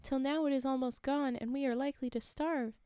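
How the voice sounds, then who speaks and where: A woman's voice: high-pitched, fairly even intonation, fairly quick, mellow, no echo, natural voice. A woman reading the lines of starving villagers begging for light in a folktale, in her own voice. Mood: pleading. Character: starving, pleading villagers in the dark.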